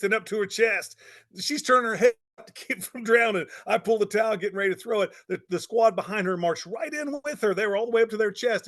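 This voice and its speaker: A man's voice: sits high, a bit bright. A middle-aged man telling a motivational story in a folksy, emphatic way, with lots of repetition. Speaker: speaker on network marketing.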